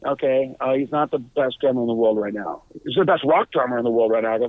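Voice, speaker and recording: A man telling band stories over a tinny line. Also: dry recording. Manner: animated, acts out quotes with raised pitch; halting, many restarts and swearing. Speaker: guest musician. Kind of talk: casual storytelling.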